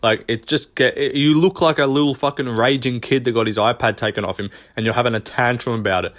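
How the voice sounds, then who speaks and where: An MMA commentary vlogger rants casually, rambling from point to point with hardly any pauses. His medium-pitched voice is a bit bright and a little fast, and he swears often, sounding dismissive of the people he discusses.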